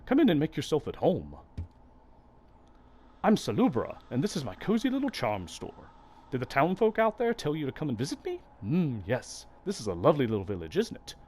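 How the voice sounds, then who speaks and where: A man's voice: on the high side, huge pitch swings, brisk, a little mellow, husky, pitched above the performer's own voice, heavily acted. A man voicing a doting female bug charm seller from a video game, speaking sweetly and coaxingly. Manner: sweet, coaxing, slightly scattered.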